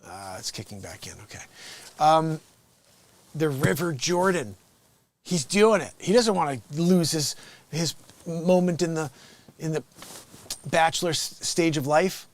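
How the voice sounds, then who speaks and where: A man's voice: fairly high pitch, expressive, measured pace, pauses often. A man hosting a livestream, chatting casually and jokingly about a Bible reading, laughing often. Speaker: livestream host.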